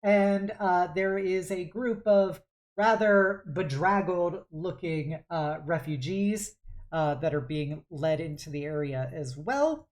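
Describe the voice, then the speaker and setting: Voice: medium pitch, slow pace. Hesitant tabletop game master narrating. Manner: hesitant, many fillers.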